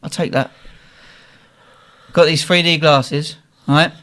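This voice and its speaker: A young man, animated and swearing as he tells a funny story in casual chat. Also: on the high side, takes it slowly. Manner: animated, swearing, laughing at his own story. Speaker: guest telling a story.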